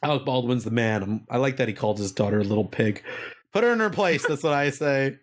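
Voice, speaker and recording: A man's voice: medium pitch, animated, quick pace. A man hosting a casual comedy podcast, self-mocking and crude, swearing freely as he riffs. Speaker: podcast host.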